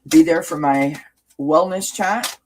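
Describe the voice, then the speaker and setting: A woman's voice: deep voice, slow pace, a little hiss or hum, low-quality recording. Rambling woman hosting a card-reading stream. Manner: rambling, restarts and trails off. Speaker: live-stream host reading oracle cards. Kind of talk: casual live-stream chat.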